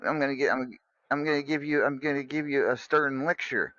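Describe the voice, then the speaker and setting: A man's voice: mid-range voice, fairly even intonation, a little fast, bright, forceful tone, dry recording, highs cut off. A man hosting an online wrestling show in a casual, joking way, often stammering and repeating himself. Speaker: host.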